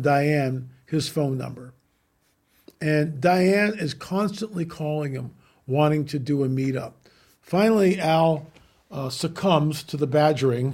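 A man, a guest on a talk show, telling a story with animated emphasis and repeating key lines. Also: on the high side, gravelly. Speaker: guest, UFO researcher. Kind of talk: podcast interview storytelling.

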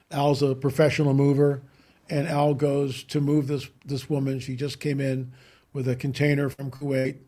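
A man, a guest on a talk show, telling a story with animated emphasis and repeating key lines. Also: medium pitch. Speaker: guest, UFO researcher. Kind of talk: podcast interview storytelling.

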